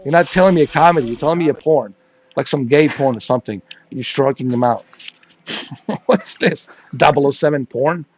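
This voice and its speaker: A man's voice: on the high side, moderate pace, husky, no echo, poor audio. A man ranting crudely and mocking someone in casual chat, laughing often as he goes. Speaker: gaming streamer.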